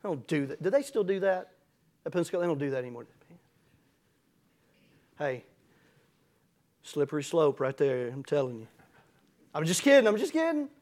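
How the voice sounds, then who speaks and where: A man's voice: a little high, lively intonation, normal speed, pauses often, a little mellow. A middle-aged man preaching a folksy, storytelling sermon that builds to emphatic passages. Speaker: pastor.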